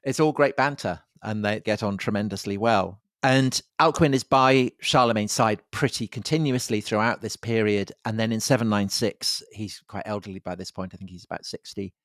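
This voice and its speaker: Deep-voiced man telling history with relish. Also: normal speed, few pauses, a bit bright, no room sound, clean studio sound. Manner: enthusiastic storytelling explainer. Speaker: podcast co-host. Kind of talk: conversational history podcast.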